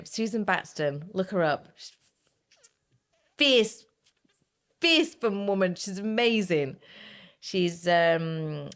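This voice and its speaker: A middle-aged woman speaks as an interview guest in a rather low voice. She tells her story in a lively, animated way, and she speaks frankly. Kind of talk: casual interview conversation.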